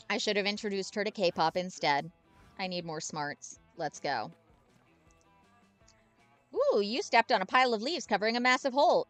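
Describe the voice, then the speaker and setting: A young woman narrating a game in a playful, quippy way. Her voice is bright and animated, and the recording is close and dry. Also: mid-range voice, no room sound. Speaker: game streamer.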